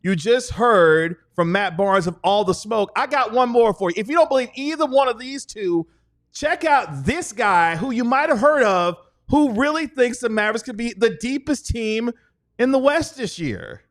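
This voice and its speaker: Lively high-voiced male podcast host. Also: moderate pace. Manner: upbeat, introducing clips. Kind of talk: casual sports podcast chat.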